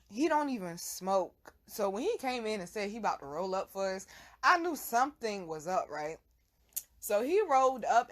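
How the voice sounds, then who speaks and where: A young adult woman telling a casual, animated story full of laughter and profane slang. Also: mid-range voice. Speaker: vlog host.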